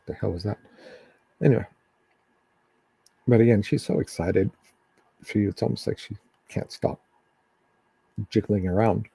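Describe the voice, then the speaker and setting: A man giving psychic readings on a live stream in a halting, casual way, with many ums and restarts. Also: fairly low pitch, fairly even intonation, gravelly, mellow, husky, no room sound.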